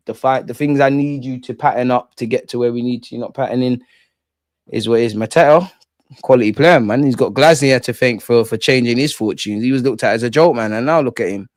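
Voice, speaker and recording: A young man with a London accent, chatting casually on a live stream about football while reading out and reacting to viewer comments in slangy, animated talk. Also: medium pitch, no room sound, studio quality.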